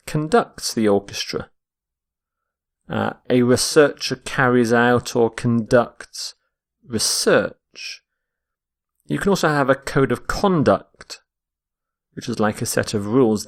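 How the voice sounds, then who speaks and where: A man giving a vocabulary lesson at an unhurried, careful pace. He speaks in a mid-pitched voice and says each word twice, pausing so learners can catch the stress. His delivery is patient and methodical. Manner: deliberate, repeats each word to stress its syllables. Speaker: English teacher. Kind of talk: slow, explained vocabulary lesson.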